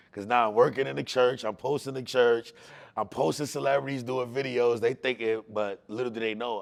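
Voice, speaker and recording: A man telling his personal faith testimony in casual slang, emotional, repeating words for emphasis, swinging between hushed and loud. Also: mid-range voice, gravelly. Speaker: testimony speaker.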